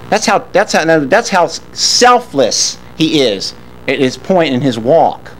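A man with a high voice delivers a sermon, reading scripture aloud and then retelling it in his own words. He voices the characters' lines as he goes. His pitch jumps up and drops low to drive home each point. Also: moderate pace, a little hiss or hum, rough recording. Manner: animated, with sharp swings in pitch for emphasis. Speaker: preacher. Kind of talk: sermon, Bible teaching.

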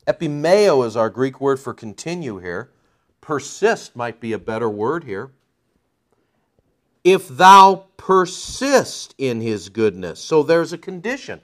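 A man preaching a Bible study, animated and joking, acting out voices in quotes. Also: mid-range voice, a little slow. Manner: animated, jokey, acts out quotes. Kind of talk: Bible teaching.

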